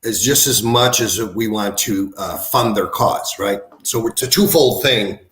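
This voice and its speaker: A man as a podcast guest explaining his work, halting and repeating words. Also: lowish voice, a bit bright, echoey room. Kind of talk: casual interview.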